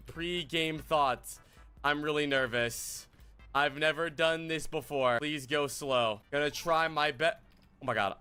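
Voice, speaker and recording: A man streaming a game, talking casually and excitedly to his chat, joking and swearing as he plays. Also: a little high, slow pace, clean tone, faint music behind. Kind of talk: casual gaming livestream chat.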